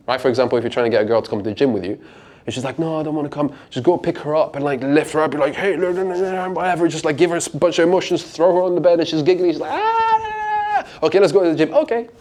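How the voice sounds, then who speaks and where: A young man, a dating coach, giving a casual, profane seminar talk to a small group and acting out lines in a raised voice. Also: mellow. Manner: casual, profane, acts out lines with pitch jumps.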